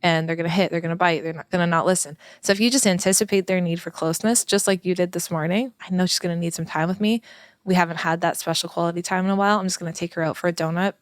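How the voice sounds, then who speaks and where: A woman's voice: fairly low pitch, fairly even intonation, rapid-fire, no room sound, clean studio sound. A woman in her thirties, a parenting educator, talking earnestly and passionately on a podcast and often laughing. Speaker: parenting educator and former child therapist. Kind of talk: conversational podcast chat.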